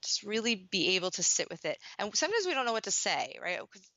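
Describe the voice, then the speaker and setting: Bright-voiced woman coach, dull lo-fi audio. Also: mid-range voice, big pitch swings, fast talker, no room sound. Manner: earnest, talkative, many "you know" fillers and restarts. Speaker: parenting coach. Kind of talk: conversational interview answer.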